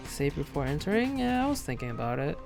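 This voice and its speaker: A live game streamer reads in-game text aloud and muses over it. The voice has a gravelly, creaky edge and sits at a middling pitch. Soft game music plays faintly underneath. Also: sing-song, quick pace. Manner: thinks out loud while reading in-game text aloud. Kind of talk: live gameplay commentary.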